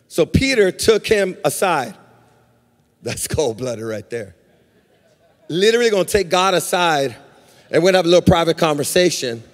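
A male pastor preaching a sermon in a sing-song cadence that swells into shouts, acting out quotes as he goes. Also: on the high side, animated, moderate pace, pauses often. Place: church sanctuary. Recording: reverberant church hall.

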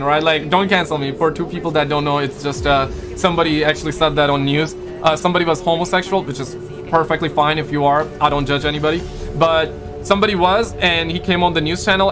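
A man from Pakistan, chatting casually on a live stream, joking and rambling as he reads viewer comments aloud. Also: on the high side. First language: Urdu. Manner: joking, rambling, playful slang. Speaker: livestreamer.

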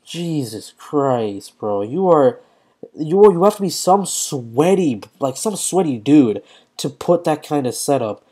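A man's voice: fairly high pitch, lively intonation, measured pace, warm tone, breathy edge. A young man giving live commentary while playing a mobile fighting game, talking in slang and often exclaiming in frustration.

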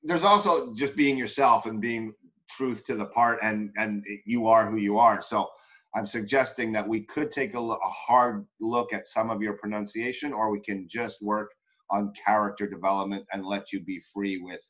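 A man coaching an acting student, talking in a relaxed, chatty way with frequent restarts. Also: lowish voice, moderate pace. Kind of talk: coaching session. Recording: dull lo-fi audio.

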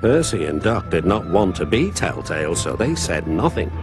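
A man narrating a children's story in an expressive, lilting way, with music behind. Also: deep voice, normal speed.

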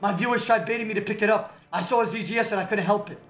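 Excitable streamer man in an echoey room. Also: high voice, racing. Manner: excitable, slangy trash talk with sudden shouts. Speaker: game streamer. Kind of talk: live gameplay commentary. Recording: echoey room with clear background music. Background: background music.

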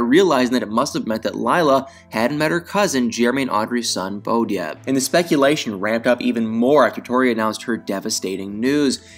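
A man hosting celebrity gossip commentary at an ordinary middle pitch, dramatic and chatty. He poses rhetorical questions and drops in casual asides. Faint music plays under his voice. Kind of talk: scripted commentary.

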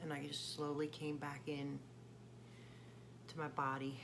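Slow, low-voiced hesitant woman. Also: monotone, gravelly, noisy background. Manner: hesitant, halting, many fillers. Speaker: singer-songwriter. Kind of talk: personal video confession.

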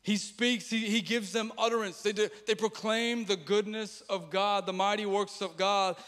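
A man with a high, ringing voice preaches a passionate sermon in a large church. He repeats his lines for emphasis and drops to near-whispers before rising again. His voice carries a long reverb tail off the hall walls. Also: steady tone, normal speed. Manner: impassioned, repetitive preaching with dramatic drops to quiet. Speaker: pastor.

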